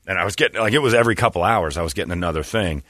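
A man hosting a talk show, telling stories in casual, animated chat. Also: low-pitched, rapid-fire, dry recording, studio quality. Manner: animated, self-amused storyteller who slips into quoted voices. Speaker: radio show host.

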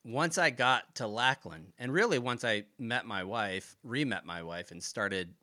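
Ex-Marine man, podcast guest, crisp dry close-mic sound, loose profane storyteller. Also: medium pitch, unhurried, dry recording. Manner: profane, animated retelling with quoted dialogue. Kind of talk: casual storytelling interview.

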